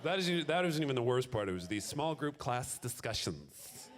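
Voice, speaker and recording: A man doing a stand-up comedy set on stage, animated and leaping into loud, high acted voices. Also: normal speed. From Minnesota. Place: stage before a live audience.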